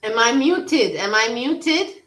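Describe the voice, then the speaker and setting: A woman's voice: on the high side, expressive, slow, a bit bright, echoey room, distant mic, rough recording. A woman hosting a casual livestream chat, rambling and blunt, swearing freely. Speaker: livestream host.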